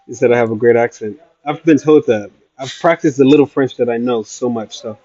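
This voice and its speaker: A man talking casually to his livestream audience and answering their questions with playful asides. His voice sits at a middle pitch and sounds dry and close. The recording is slightly dull and lo-fi. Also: steady tone, brisk, mellow, dry recording. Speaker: travel livestreamer. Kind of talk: casual livestream chat reading comments. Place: traveling in Iraq.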